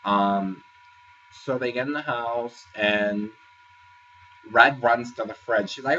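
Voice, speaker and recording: Rambling man recapping, bright and distant. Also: medium pitch, slow pace, slight background noise. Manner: rambling, filler-heavy retelling. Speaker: reality show reviewer. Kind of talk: casual vlog recap. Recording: distant, dull lo-fi sound with faint ambience.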